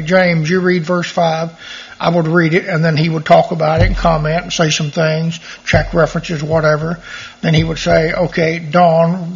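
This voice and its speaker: Middle-aged male Bible teacher, high husky voice, dull lo-fi recording, reads verses and leans on key words. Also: fairly bright tone. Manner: reads scripture aloud and stresses key words.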